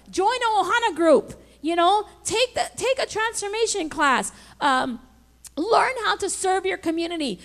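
Woman pastor with a high voice, preaching emphatically with call-and-response. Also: a bit bright. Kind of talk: sermon.

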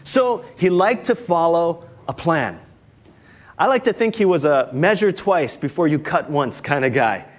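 A man's voice: a little high, lively intonation, unhurried. A male pastor delivering a sermon in a conversational, storytelling way, with folksy jokes as a dad.

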